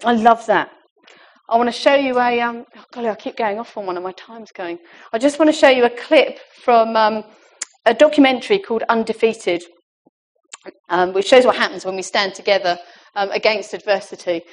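A woman delivers a sermon with a high voice. She speaks earnestly and emphatically, breaking into laughs and asides between her points. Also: moderate pace. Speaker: preacher.

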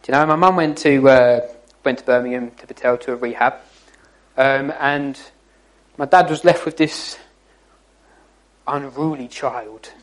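A man's voice: medium pitch, unhurried, long pauses, rough recording. A man giving an informal, jokey church talk to young people, teasing his listeners as he goes. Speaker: youth speaker.

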